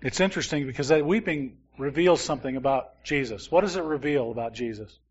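A man with a husky, mid-range voice leads a Bible study briskly, though the audio is dull. He keeps it conversational, reading scripture and frequently asking the class questions.

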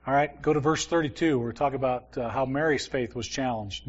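A man's voice: medium pitch, fairly quick, hardly any pauses, dull audio. A man teaching a Bible study in a conversational way, often asking his listeners questions and reading from scripture. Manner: conversational, asks the class questions.

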